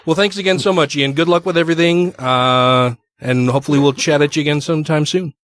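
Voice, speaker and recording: A man hosts a podcast in a casual, friendly way, upbeat and quick to laugh. His voice is close and dry, with no room echo. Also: a little high, steady tone, a bit bright. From Utah. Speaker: podcast host.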